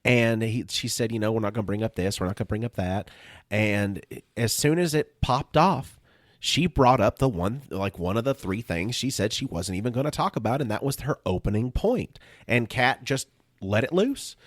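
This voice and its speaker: A man with a fairly low pitch speaks at normal speed, captured in clean studio sound with no room sound. Co-hosting a podcast, he chats casually, telling stories animatedly and laughing frequently.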